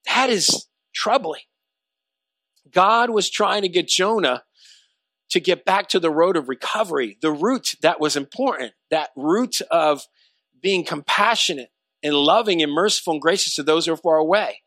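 A man preaching a sermon with rising, emphatic intensity. His voice sits high and sounds bright and forceful. The sound is dry and close, with no room around it. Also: animated, normal speed, no echo. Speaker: pastor.

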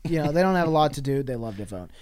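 A podcast co-host improvises a ridiculous story, swearing freely and pausing on fillers as he goes. His voice sits at an ordinary middle pitch for a man. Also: lively intonation, a little mellow. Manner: rambling, profane, frequent fillers.

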